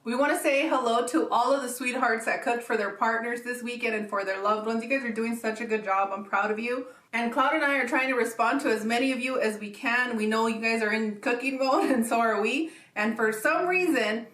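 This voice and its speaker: A woman runs through a recipe step by step on a home cooking show filmed in her kitchen, talking fairly quickly with few pauses. Her slightly high voice is a bit bright, and she keeps things playful and chatty with frequent laughter.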